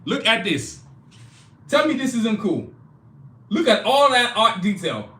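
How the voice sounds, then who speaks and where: A man hosting a live stream, pitching his own comic art and merch in a hyped, casual way, repeating himself and talking straight to viewers. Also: big pitch swings, unhurried, bright, forceful tone, echoey room. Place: indoor studio, clothing hanging behind him.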